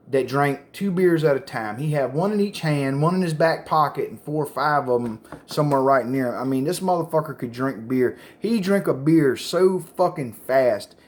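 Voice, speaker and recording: Profane man telling wild stories. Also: medium pitch. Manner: profane, rambling, gets loud and excited telling jokes. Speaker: storyteller. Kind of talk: casual storytelling to a phone camera. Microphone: phone.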